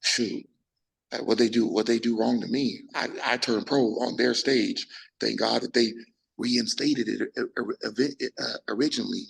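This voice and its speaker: Gravelly-voiced man telling his story. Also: mid-range voice, moderate pace, poor audio. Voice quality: gravelly, husky. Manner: animated, acts out quotes, frequent restarts and profanity. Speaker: bodybuilder interviewee. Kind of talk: casual storytelling interview.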